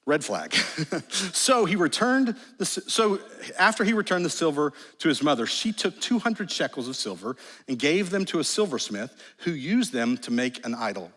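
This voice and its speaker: Lively man preaching. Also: on the high side, moderate pace. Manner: animated, jokey, with rising exclamations. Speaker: pastor. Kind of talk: sermon. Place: large church sanctuary. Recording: long church hall reverb.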